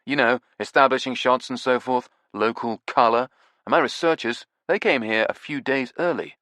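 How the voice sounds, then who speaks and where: A man voicing a brash, excitable male TV presenter who talks loudly and laughs at his own jokes. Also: medium pitch, moderate pace, no room sound, pitched above the performer's own voice, natural voice. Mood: boastful. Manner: loud, pushy, slangy, laughs at own jokes. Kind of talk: audiobook character voice.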